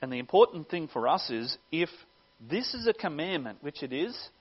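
A male pastor preaching a sermon earnestly, swelling louder on key phrases and dropping low at their ends. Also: big pitch swings, moderate pace, slightly rough, highs cut off.

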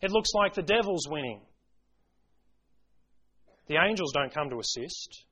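Guy preaching a sermon, kinda high voice, earnest, gets fired up quoting scripture. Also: expressive, measured pace, bright, forceful tone, husky, poor audio. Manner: earnest, rising to impassioned emphasis, quoting scripture.

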